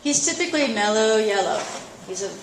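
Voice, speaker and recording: A middle-aged woman coach teaching a live seminar at a horse expo, chatty and lively, acting out her inner thoughts. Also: mid-range voice, brisk, background noise. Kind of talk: live talk to an audience. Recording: roomy echo, faint ambience.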